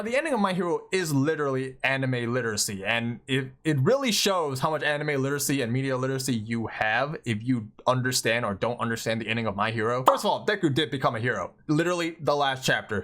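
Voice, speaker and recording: A young Thai-born man with a mid-range voice rants about fan habits in a loose, chatty vlog. He talks fast and loose, peppering his points with "like" and "bro". His tone is animated and exasperated. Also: medium pitch. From Thailand. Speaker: anime commentary vlogger. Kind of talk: casual opinion vlog.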